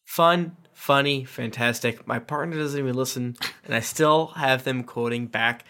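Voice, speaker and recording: A man's voice: medium pitch, normal speed, sharp tone. A man hosting a casual podcast, reading listener reviews aloud with playful voices and asides.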